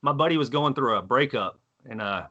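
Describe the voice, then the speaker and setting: A man's voice: mid-range voice, animated, a little fast, sharp tone, highs cut off. A man in his thirties with a Texan accent, telling profane stories in casual chat, laughing often. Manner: profane, laughing, acts out quoted voices. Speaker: podcast guest.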